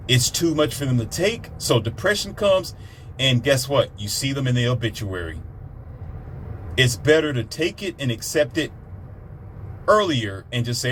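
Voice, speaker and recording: A man's voice: mid-range voice, slight background noise. A man giving a blunt, preachy motivational monologue, repeating himself to drive points home. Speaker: motivational speaker.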